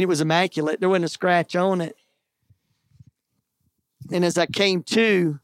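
A man's voice: high-pitched, no echo. A man preaching, telling a personal testimony earnestly with self-deprecating jokes. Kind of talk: sermon testimony storytelling.

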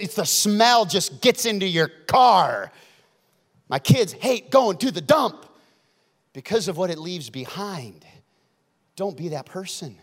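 A man preaching a sermon, swinging from loud emphatic lines to hushed ones. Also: high-pitched. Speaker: pastor. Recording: long hall reverb.

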